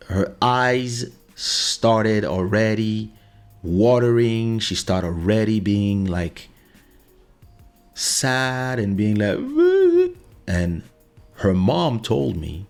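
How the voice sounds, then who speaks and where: Over soft background music, a man with a low, gravelly voice talks very slowly and pauses often, recording on a studio USB mic in his home office. The podcast host tells a personal story in a casual, insistent way, leaning on "listen" again and again for emphasis.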